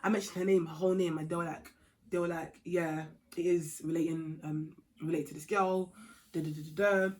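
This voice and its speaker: A young woman telling a storytime vlog story in a chatty, animated way, dropping to a hush and rising to heated outbursts. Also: on the low side, brisk. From England. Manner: chatty and animated, swings from hushed to loud and heated. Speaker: vlogger.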